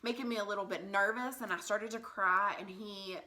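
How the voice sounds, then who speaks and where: Bright-voiced young woman telling her story. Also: mid-range voice, steady tone, brisk. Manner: candid, conversational, with frequent "like" and "um". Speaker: vlogger. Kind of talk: personal storytelling.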